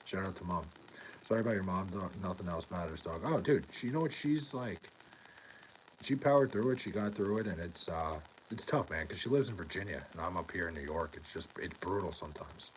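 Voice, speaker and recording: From his home in New York, a young man with a deep, low voice hosts a casual livestream, rambling, swearing freely and answering his chat by name. He speaks briskly with lively intonation, and the rough recording has a faint hiss underneath.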